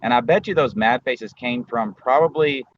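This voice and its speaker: A man's voice: medium pitch, moderate pace. A man talking angrily in a casual livestream chat, profane and rambling, often restarting his sentences. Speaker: livestream co-host. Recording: dull lo-fi audio with faint background noise.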